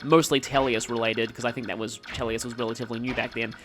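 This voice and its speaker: A man's voice: medium pitch, level tone, fast, fairly bright tone, soft background music. A man with an Australian accent giving casual, rambling commentary over a game playthrough, often wandering off on tangents and correcting himself mid-sentence. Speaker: let's play commentator.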